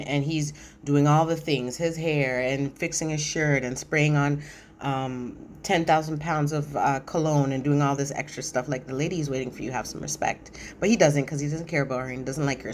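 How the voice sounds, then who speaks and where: A woman's voice: low-pitched, fairly even intonation, normal speed, slight background noise. A woman giving casual, chatty recap commentary on a reality show, sassy and opinionated, with lots of fillers.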